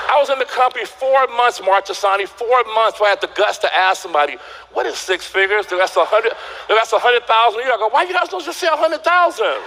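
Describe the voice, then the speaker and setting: A man giving a motivational seminar speech, telling stories animatedly and acting out quotes with loud exclamations. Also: extremely high pitch, poor audio. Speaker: motivational speaker.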